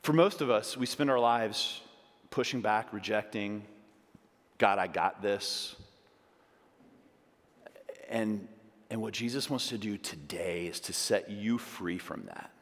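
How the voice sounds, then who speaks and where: A male pastor preaching a sermon, moving between loud, emphatic pleas and hushed asides. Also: on the low side, unhurried. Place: church sanctuary. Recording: long reverb of a large hall.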